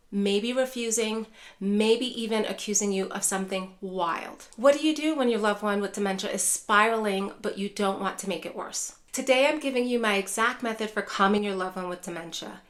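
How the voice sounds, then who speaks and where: A woman's voice: a little high, fairly bright tone. A woman neuropsychologist teaching dementia caregivers in a direct-to-camera lesson, repeatedly addressing viewers as care partners.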